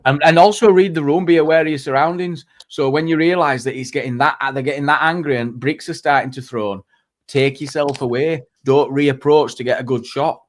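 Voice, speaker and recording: A man's voice: fairly high pitch, fairly quick. Rambling man, dialect. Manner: rambling, restarts often, dialect "were". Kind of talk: casual panel chat.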